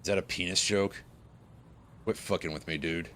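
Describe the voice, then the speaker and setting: A man's voice: low-pitched, steady tone, normal speed, a bit bright, a little hiss or hum. A man giving casual game commentary with joking, laughing asides. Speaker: let's play host.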